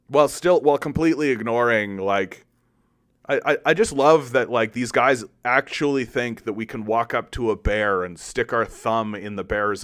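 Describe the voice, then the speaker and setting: Man, political rant, sarcastic, profane, smooth resonant voice, mid pitch. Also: a bit bright. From Canada. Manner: angry, profane, with many restarts and repetitions; sarcastic, mocks opponents in exaggerated high voices. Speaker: political commentary host. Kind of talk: heated political commentary monologue.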